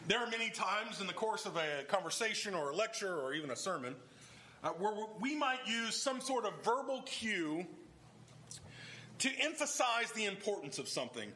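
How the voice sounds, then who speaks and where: A middle-aged pastor preaches in a bright, high voice that swings widely in pitch. He talks conversationally and then rises into emphatic bursts. A faint hiss sits under the recording. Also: sing-song, moderate pace. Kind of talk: expository sermon.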